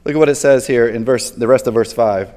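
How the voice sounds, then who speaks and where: A man's voice: medium pitch, a little fast, mellow. A man preaching a sermon as a pastor, talking casually and conversationally and often restarting words. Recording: long hall reverb.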